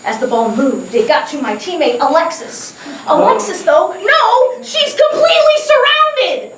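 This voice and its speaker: High, lively woman telling a comic story. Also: unhurried. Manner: animated, laughing, bursts of shouting. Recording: echoey room heard from a distance, noisy.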